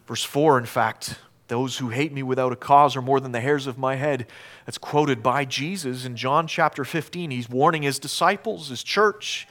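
A male pastor delivers an emphatic sermon at a medium pitch, moving back and forth between loud proclamations and quiet, hushed lines.

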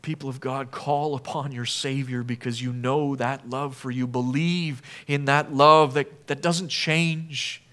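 A man preaching a sermon as pastor, earnest, asking the congregation many questions and swinging from emphatic appeals down to quiet, low passages. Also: steady tone, unhurried, hardly any pauses. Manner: asks the listeners many questions.

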